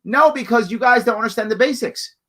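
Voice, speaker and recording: A man's voice: extremely high pitch, fairly quick. A man hosting a live show, answering viewer questions in emphatic, repetitive bursts. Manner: emphatic, animated, repeats points for stress. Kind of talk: live call-in style solo talk.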